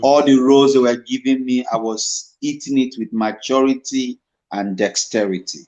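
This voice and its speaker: A man's voice: medium pitch, normal speed. A middle-aged man with a Nigerian accent, an actor telling stories in a casual interview and slipping into Pidgin. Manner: animated storyteller, dips into Pidgin. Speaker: guest actor. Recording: dull lo-fi recording.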